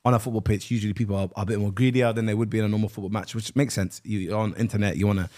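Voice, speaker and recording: A man's voice: lowish voice, fairly even intonation, very fast, darkish tone. A young man, co-hosting a podcast with easygoing, slangy banter. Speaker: podcast co-host. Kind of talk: casual chat.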